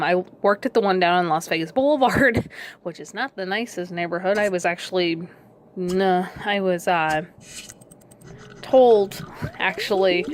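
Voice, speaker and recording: A woman with a worn-out, hoarse voice telling a long rambling story, casually swearing along the way. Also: on the low side. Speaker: video creator telling a pet story.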